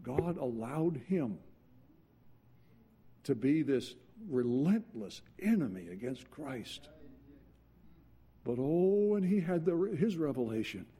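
A man preaching a sermon earnestly, dropping to quiet intensity and then rising into urgent passages. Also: mid-range voice, sing-song, takes it slowly, long pauses, breathy edge.

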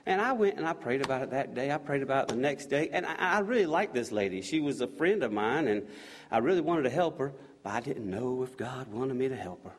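A man's voice: medium pitch, animated, brisk. A middle-aged man giving an earnest personal testimony, telling his story in a loose, conversational way with frequent restarts. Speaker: volunteer sharing his faith story.

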